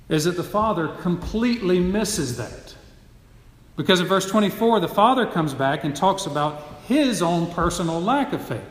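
Male pastor, slightly high voice, earnest teaching sermon, long church-hall reverb. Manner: earnest teaching, building to emphatic repetition.

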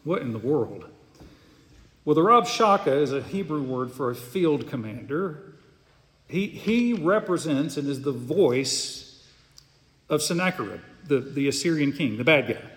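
A man's voice: fairly high pitch, lively intonation, a little slow. A pastor preaching an earnest, emphatic sermon, often repeating words as he goes. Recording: long hall reverb.

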